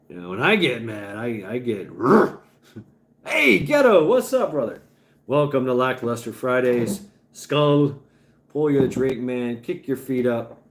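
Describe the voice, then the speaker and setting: A man's voice: mid-range voice, unhurried. A man hosting a casual livestream, rambling and chatting with his viewers with stammering restarts and some swearing. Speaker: livestream host. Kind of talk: casual livestream chat, reading chat.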